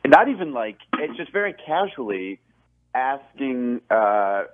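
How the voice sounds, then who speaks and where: Over a tinny phone line, a man in his forties who acts and directs films chats as a guest in a casual interview. His medium-pitched voice swings widely and moves a little slowly as he rambles, pokes fun at himself, restarts often and laughs a lot.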